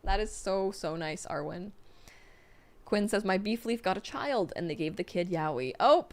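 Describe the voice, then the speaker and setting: A woman streamer excitedly reading out donations and fan messages in a casual livestream chat, gushing and laughing often. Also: mid-range voice, unhurried.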